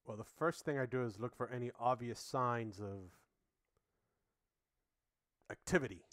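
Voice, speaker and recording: Measured man playing a tabletop game. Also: mid-range voice, fairly bright tone, no room sound, clean studio sound. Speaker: player.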